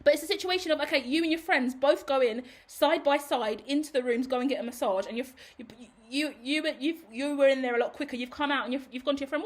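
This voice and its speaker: Woman, tarot reader, rambling and reassuring, slightly high voice, talks straight to camera. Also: quick pace, hardly any pauses. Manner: rambling and reassuring, addresses the viewer directly; laughs at her own tangents, casual swearing. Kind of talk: casual spiritual tarot reading to camera.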